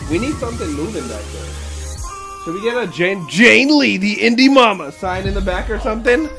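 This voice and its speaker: A man's voice: sits high, animated, creaky. Playful joking man with music behind. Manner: playful, teasing, quick to laugh. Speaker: co-host of music review livestream. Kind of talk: joking banter on a livestream.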